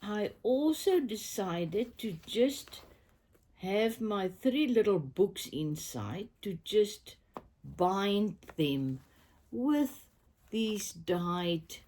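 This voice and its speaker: A South African woman getting over a cold talks from her bed in an upbeat, affirming way, her voice husky and mellow. She speaks slowly, with pitch that rises and falls a great deal. At times she drops to a soft whisper. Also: sing-song. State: recovering from a cold, coughing. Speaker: crafting vlogger. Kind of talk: casual chat to camera. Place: bedroom, in bed.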